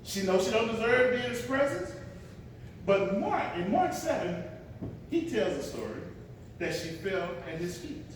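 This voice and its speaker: A man preaching a sermon as pastor, swinging between hushed asides and loud dramatic bursts and repeating "watch this" as a refrain. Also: high voice, sing-song, normal speed, a little hiss or hum. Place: large church sanctuary. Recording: echoey hall, picked up from a distance.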